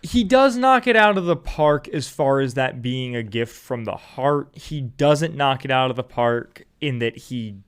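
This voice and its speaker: A man's voice: mid-range voice, measured pace, hardly any pauses, clean tone. A man co-hosting a podcast in casual chat, recapping scenes and acting out lines. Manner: animated storyteller, recaps scenes and acts out lines. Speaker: podcast co-host.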